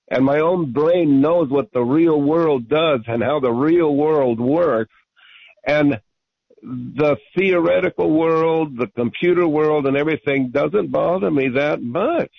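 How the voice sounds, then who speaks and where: A man's voice: a little high, gravelly, no room sound. A man calling in to a radio talk show, arguing insistently and repeating himself. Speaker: radio caller. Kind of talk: call-in radio debate. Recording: muffled radio broadcast.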